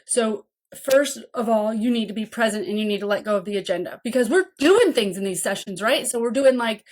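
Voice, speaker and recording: Woman host, thirties, slightly high pitch, casual teaching talk, checks in often. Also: lively intonation, fairly quick. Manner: conversational, repeats "okay?" and "right?" to check in. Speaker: podcast host and mentor trainer.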